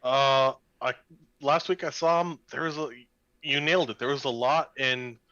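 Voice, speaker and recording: Bright-voiced man co-hosting, dull lo-fi sound. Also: medium pitch, steady tone, normal speed. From American South. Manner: chatty, laughs easily, swears casually. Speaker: podcast co-host. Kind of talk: casual wrestling podcast chat.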